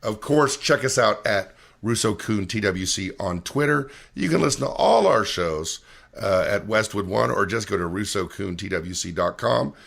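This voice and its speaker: A man's voice: lowish voice, expressive, moderate pace, vocal fry, a bit bright, slightly rough. A man co-hosting a podcast, reading out show plugs and asking the questions in an upbeat way. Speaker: podcast co-host. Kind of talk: casual podcast talk, show promos.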